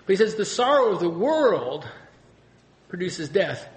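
A man's voice: sits high, sing-song, a little slow, echoey room. A man preaching a sermon as pastor, talking in a conversational way and often asking the congregation questions.

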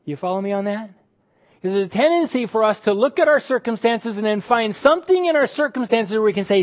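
A man preaching a sermon as pastor, emphatic, stretching key words and dropping suddenly to quiet. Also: sits high, animated, fairly quick.

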